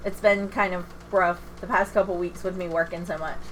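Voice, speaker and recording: A woman's voice: lowish voice, steady tone, brisk, fairly bright tone, slight background noise. A middle-aged woman streaming a game from home, chatting candidly and self-deprecatingly with viewers and laughing often. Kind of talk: casual livestream chat.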